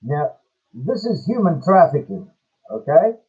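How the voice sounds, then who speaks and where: A middle-aged South African man making an impassioned personal statement, slow and emphatic, repeating phrases for stress. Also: fairly high pitch, very animated, husky. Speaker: person airing a grievance to camera. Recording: phone-like lo-fi audio.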